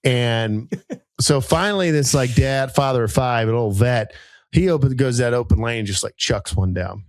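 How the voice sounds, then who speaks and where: With no room sound, a man in his thirties who co-hosts a podcast spins a rambling, animated story at a moderate pace. The casual storytelling chat is full of fillers, and he shifts into high voices for the people he quotes.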